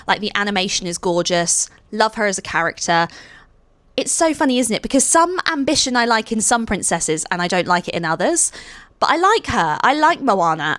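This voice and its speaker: A woman's voice: mid-range voice, fairly bright tone, no room sound. Chatty young woman vlogging, dry sound. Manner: chatty and apologetic, gushing with frequent asides. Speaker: vlogger and party princess performer. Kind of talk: casual chat to camera.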